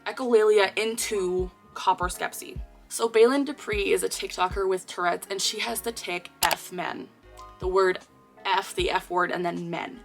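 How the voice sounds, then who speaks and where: Young woman, vlogger, gravelly vocal fry, casual chatty explaining, faint music behind. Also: lowish voice, fairly bright tone. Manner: chatty, explaining with filler words. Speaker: video creator. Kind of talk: casual talk to camera.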